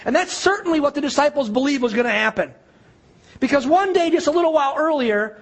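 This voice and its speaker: A man with a very high voice preaches a sermon, telling a story with animated delivery and acting out the quoted dialogue.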